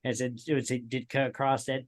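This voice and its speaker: A man's voice: medium pitch, flat delivery, fast. A man co-hosting a casual racing podcast, telling long rambling stories with frequent chuckles. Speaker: podcast co-host. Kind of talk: casual chat.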